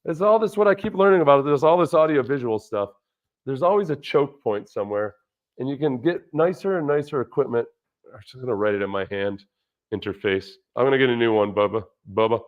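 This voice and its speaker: A man's voice: mid-range voice, expressive, fairly quick. A man hosting a casual livestream about football, rambling and reacting to viewer chat. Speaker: livestream host, former football player. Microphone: studio dynamic mic through a budget audio interface. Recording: dull lo-fi stream audio with dropouts.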